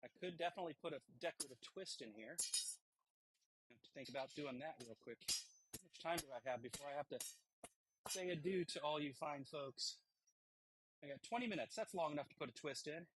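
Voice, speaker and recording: A man hosting a live stream from his smithy, chatting casually and rambling with pauses and fillers while he works on a blade. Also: a little high, a bit bright, a little hiss or hum, low-quality recording. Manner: rambling, thinking aloud between tasks, halting with fillers. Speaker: blacksmith livestream host. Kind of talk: casual chat while forging. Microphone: wireless transmitter mic.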